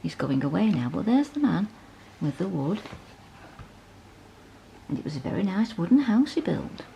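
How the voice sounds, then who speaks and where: A woman reading a bedtime story aloud, gently asking the child to look at the pictures. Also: lowish voice, sing-song, normal speed, vocal fry, slight background noise, low-quality recording.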